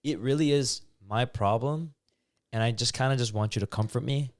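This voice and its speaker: A man's voice: mid-range voice, normal speed, dry recording, clean studio sound. A young man co-hosting a podcast, talking casually and rambling with lots of fillers. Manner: relaxed, rambling, many fillers. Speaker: podcast co-host. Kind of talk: casual chat.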